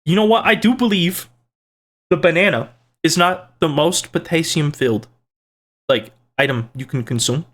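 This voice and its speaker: Guy reading his viewers' comments, kinda high voice, rambly and jokey. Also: moderate pace, fairly bright tone. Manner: rambling and playful, with restarts and side jokes. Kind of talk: casual chat.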